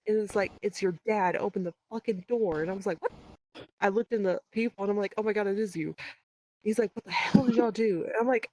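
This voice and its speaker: A woman guest on a podcast, telling a story in a casual, profane, animated way and quoting dialogue. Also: medium pitch, quick pace, low-quality recording.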